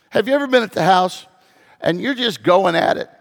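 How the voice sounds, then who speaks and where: A man preaching a sermon as pastor, telling a story and moving between hushed and loud, emphatic passages. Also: sits high, animated, normal speed, creaky. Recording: long hall reverb.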